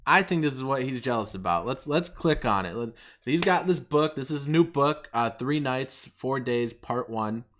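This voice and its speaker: A man's voice: animated, moderate pace, fairly bright tone, slight background noise. Mocking, laughing man ranting. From United States. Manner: mocking, laughing often, pitch jumping up when quoting others. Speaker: channel host. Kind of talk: ranting commentary.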